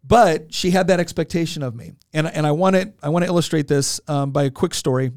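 A man's voice: a little high, fairly quick, a little mellow, no room sound, clean studio sound. A man in his forties telling a story in casual talk, earnest, often repeating words as he restarts. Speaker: podcast co-host.

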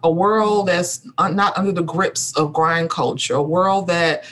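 A woman's voice: lowish voice, fairly even intonation, a little slow, fairly bright tone. A woman guest talking in an earnest, reflective way, building her points through repeated rhythmic phrases. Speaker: guest, rest activist. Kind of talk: reflective spiritual conversation.

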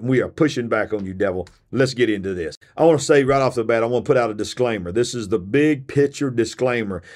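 Man, preacher host, tired, emphatic, repetitive, sermon-like. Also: mid-range voice. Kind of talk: fiery sermon-style podcast.

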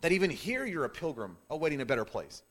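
A middle-aged man preaching a sermon, animated, with frequent restarts and "hey" asides as he explains scripture. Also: a little high, fast talker. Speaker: pastor.

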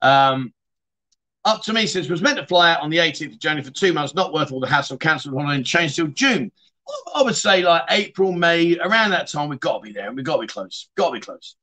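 A middle-aged man hosts a casual livestream chat show, reading viewer comments and drifting into stories with matey banter. His voice is fairly high, expressive, pushed and bright, and he talks quickly in a chatty, rambling way.

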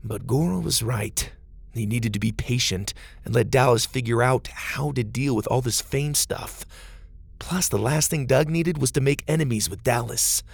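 A man narrating a children's story in a gentle, steady storytelling manner. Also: medium pitch, moderate pace, creaky, slightly rough, dry recording.

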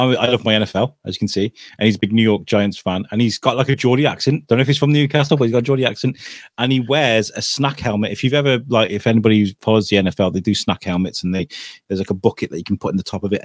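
A man's voice: medium pitch, dry recording, studio quality. A man from Wrexham hosting a casual podcast, friendly and rambling, laughing at his own slips. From Wrexham, Wales. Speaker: podcast host.

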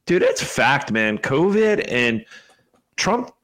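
A man's voice: fairly high pitch, big pitch swings, takes it slowly, a bit bright. A man talking as a podcast guest, rambling in casual chat with lots of swearing and filler words.

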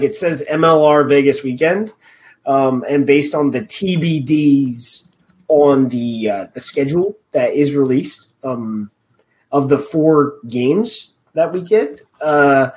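A man's voice: a little high, poor audio. A man hosting a casual podcast chat, rambling and hesitant, with dry sarcasm.

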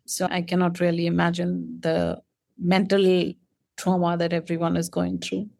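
A woman's voice: on the low side, monotone, normal speed, vocal fry, dark tone, dry recording. Polite woman podcast host, dry sound. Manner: polite, sympathetic. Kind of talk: interview conversation.

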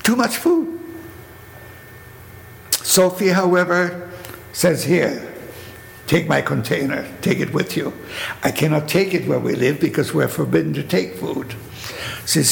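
A man's voice: a little high, lively intonation, measured pace, pauses often. An older man from Germany with a German accent, telling his survival story in a spoken testimony with vivid storytelling and rhetorical questions. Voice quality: gravelly. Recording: echoey hall with faint noise.

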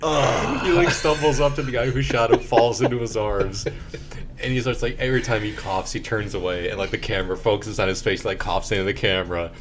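A young man co-hosting a casual chat, animated and jokey, acting out movie scenes as he retells them. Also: lowish voice, a little fast, background noise. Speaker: podcast co-host.

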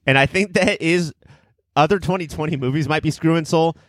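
A man's voice: on the high side, a little fast, dry recording, clean studio sound. A man hosting a casual movie podcast, boisterous and theatrical, swearing freely as he riffs. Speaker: podcast host.

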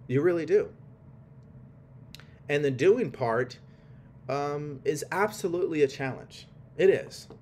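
A man's voice: medium pitch, slight background noise. A man hosting a podcast, giving an emphatic motivational talk with a coaching tone. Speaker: podcast host.

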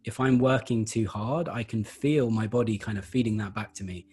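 A man explaining Feldenkrais practice in a relaxed interview, thoughtful and hesitant, with many fillers. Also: fairly low pitch, moderate pace, husky. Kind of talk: conversational interview.

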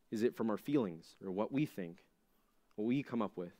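A young adult man preaching a conversational sermon to junior high students, animated and full of rhetorical questions. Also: normal speed. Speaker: youth pastor.

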